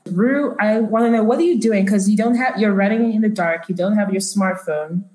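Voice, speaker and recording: A woman narrating a tabletop game as game master, in a chatty, filler-heavy way at a middle pitch. Her voice bounces around an echoey room. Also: moderate pace, a little mellow.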